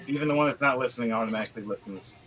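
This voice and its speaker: A man's voice: mid-range voice, rapid-fire, fairly bright tone, faint music behind, poor audio. A man running a tabletop game as game master, narrating casually with fillers.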